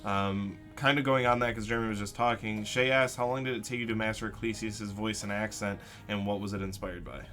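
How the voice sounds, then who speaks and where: Male host and game master, bright tense tone, explanatory casual chat. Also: on the low side, fairly even intonation, a little fast, few pauses, soft background music. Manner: explanatory, talks things through at length. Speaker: podcast host and dungeon master. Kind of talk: casual chat about role-playing.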